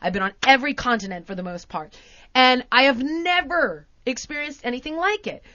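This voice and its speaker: Animated high-voiced woman telling a story. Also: a little fast, no room sound, lo-fi sound. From United States. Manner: animated, acts out quotes with big pitch swings. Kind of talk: casual storytelling chat.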